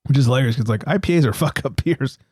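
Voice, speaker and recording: A man's voice: mid-range voice, quick pace, a little mellow, husky, no room sound, studio quality. A man hosting a beer podcast, reading news items in a laid-back, joking way and swearing casually.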